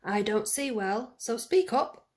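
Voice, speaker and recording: A woman voicing a bossy old giant woman with poor eyesight in a read-aloud storybook, loud and commanding. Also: a little high, expressive, a little slow. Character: old giant woman, half-blind, bossy but kindly.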